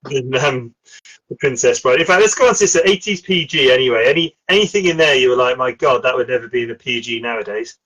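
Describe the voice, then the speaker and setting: A middle-aged podcast host chats casually about films, using many fillers and laughing often. He talks fast and animatedly in a medium-pitched, fairly bright voice, though the recording is rough.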